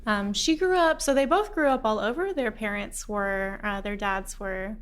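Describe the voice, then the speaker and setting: A woman's voice: mid-range voice, moderate pace. A woman from Alabama as a podcast guest, talking in a dry, wry, self-deprecating way. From Huntsville, Alabama, USA. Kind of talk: casual interview chat.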